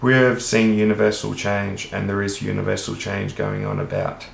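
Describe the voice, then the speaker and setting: A man's voice: lowish voice, flat delivery, moderate pace, gravelly, slight background noise. A man with an Australian accent who talks to the camera in an earnest, rambling monologue and swears casually. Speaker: vlogger. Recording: roomy echo.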